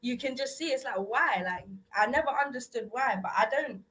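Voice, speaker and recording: A young woman from South-East England appears as a guest in a radio studio, chatting casually and rambling with many filler words. Her voice is a little high, animated, brisk and slightly bright, though the recording is rough.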